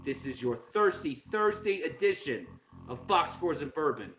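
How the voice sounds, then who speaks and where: High-voiced guy ranting sarcastic about sports, roomy echo. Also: expressive, moderate pace, a bit bright, soft background music. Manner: sarcastic, mocking, does exaggerated voices. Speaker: podcast co-host. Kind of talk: opinionated sports banter. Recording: roomy with faint background noise.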